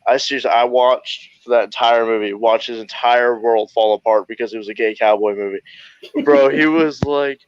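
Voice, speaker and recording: A man, an army veteran, telling a deployment story in an animated, laughing way and swearing freely. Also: medium pitch, moderate pace, slight background noise. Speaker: podcast guest, army veteran. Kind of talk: casual storytelling. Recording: dull lo-fi dry audio.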